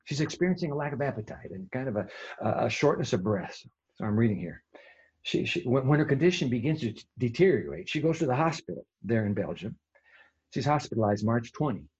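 A male pastor giving a conversational sermon, swinging between emphatic and hushed delivery. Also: mid-range voice, very animated, fairly quick, slightly rough, muffled recording.

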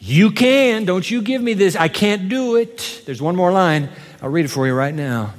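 A man's voice: high-pitched, lively intonation, moderate pace, big-room sound. A man preaching a sermon with emphasis, having the congregation repeat lines after him. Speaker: pastor.

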